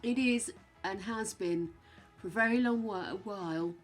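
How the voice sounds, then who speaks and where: Woman chatting to her stream chat, frank and sweary, bit of quiet music behind. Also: medium pitch, a little slow. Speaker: game streamer. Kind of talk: casual chat with live stream viewers.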